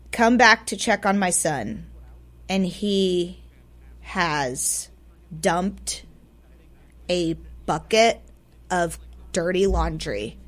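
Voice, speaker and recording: A woman telling a personal story as a radio guest, swinging between loud and hushed, often repeating words for emphasis. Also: fairly low pitch. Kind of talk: personal story told aloud. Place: radio studio.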